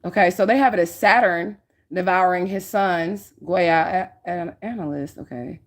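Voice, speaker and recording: A woman's voice: on the low side, normal speed. A woman giving a casual spiritual reading, talking bluntly with lots of swearing and a repeated "okay?" to her listeners. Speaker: psychic reader.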